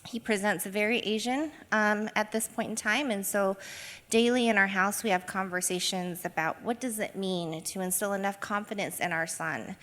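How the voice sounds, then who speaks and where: A woman's voice: medium pitch, moderate pace, a bit bright, long reverb tail. A woman educator and mother speaking in a reflective, storytelling way in a podcast interview. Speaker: guest, educator.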